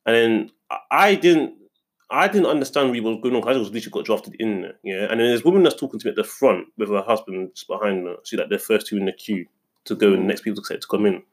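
A man's voice: fairly low pitch, fast talker. A young man in casual chat, telling a story indignantly and rambling, with many restarts. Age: young adult.

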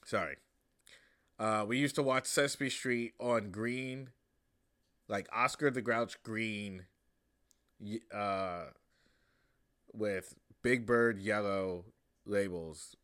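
Bright-voiced young man chatting casually. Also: on the low side, slow, long pauses. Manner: rambling, relaxed, with fillers. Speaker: host. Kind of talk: casual monologue.

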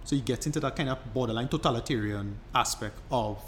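A man's voice: mid-range voice, quick pace, fairly bright tone, a little hiss or hum. A man co-hosting a podcast, explaining at length in casual chat, rambling and restarting his sentences. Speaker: podcast co-host.

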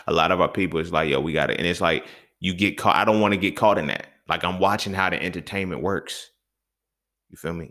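Heated, profane young man ranting. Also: fast. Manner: heated, profane, swings between loud outbursts and low mutters. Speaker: podcast host. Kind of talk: solo podcast rant.

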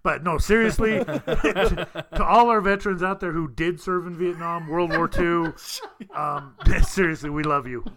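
A man's voice: fairly high pitch, a little slow, a bit bright. A man hosting a casual podcast, rambling and laughing as he talks. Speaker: podcast host. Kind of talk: casual chat.

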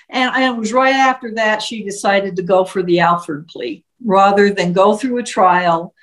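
A woman's voice: mid-range voice, moderate pace, hardly any pauses, a bit bright, low-quality recording. Woman vividly retelling a story. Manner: vivid retelling, slips into quoted voices. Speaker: storyteller recounting a case. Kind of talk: casual spoken storytelling.

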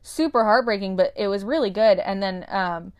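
A woman in casual conversation as a co-host. She talks in an animated way and often slips into quick impressions of characters. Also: medium pitch, clean tone. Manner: animated, quotes characters in shifting voices. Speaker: podcast co-host. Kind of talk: casual chat.

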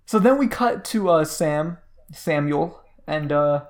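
A man's voice: a little high, animated, slow. A man co-hosting a casual movie review podcast, teasing his partner and steering talk from written notes. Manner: teasing, leads with prepared notes. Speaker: podcast co-host.

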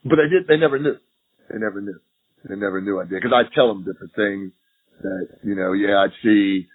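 Husky-voiced man telling a story over a tinny line. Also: fairly low pitch, fairly quick. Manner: animated, laughing storyteller who acts out quotes. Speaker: retired FBI agent, podcast guest. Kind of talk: storytelling interview. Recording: tinny phone-line audio.

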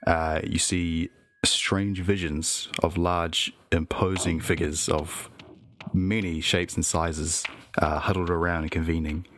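A man narrating a tabletop role-playing game as game master, slow and measured with filler words. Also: deep voice, flat delivery, fairly bright tone, slight background noise.

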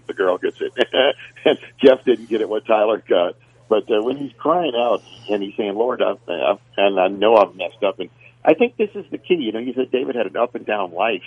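Husky man on a tinny phone line. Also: on the low side, no room sound. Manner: conversational, repeats words when thinking aloud. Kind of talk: faith radio talk.

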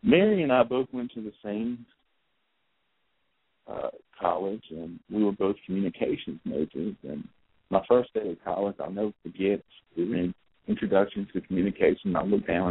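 A man's voice: on the low side, gravelly, breathy edge, no echo. A man in his thirties hosting a podcast, telling a rambling story on his phone. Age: 30s. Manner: rambling, with fillers and self-corrections. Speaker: podcast host. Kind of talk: casual storytelling monologue. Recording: tinny phone-like, dry.

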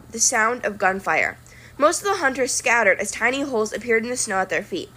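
A woman's voice: fairly high pitch, bright, forceful tone. A woman reading a novel aloud, narrating in the first person with expression. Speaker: reader.

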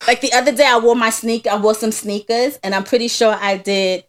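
A woman's voice: a little high, fairly even intonation, brisk. A woman co-hosting a podcast in casual chat, playfully defending herself and laughing easily. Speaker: podcast co-host.

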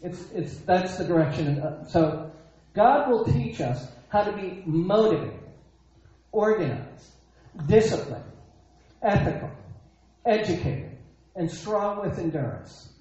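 A man's voice: sits high, big pitch swings, slow, mellow. A man preaching a sermon, emphatic, repeating his phrases and asking rhetorical questions. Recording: echoey dull lo-fi sound.

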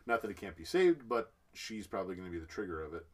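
A man hosting a casual talk about a TV series, animated and acting out lines he quotes. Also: deep voice, fast talker. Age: adult parent.

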